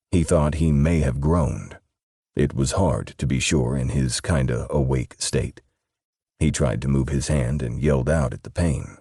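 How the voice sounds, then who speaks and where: A man reading an audiobook in steady, measured scripted narration. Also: very deep voice, breathy edge, no echo, clean studio sound.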